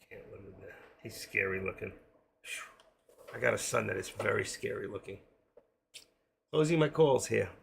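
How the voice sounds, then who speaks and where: A man's voice: fairly low pitch, expressive, moderate pace, gravelly, pauses often, a little hiss or hum. An older man with a New York accent and a trace of Florida, chatting casually with viewers while hosting a live trading stream from home.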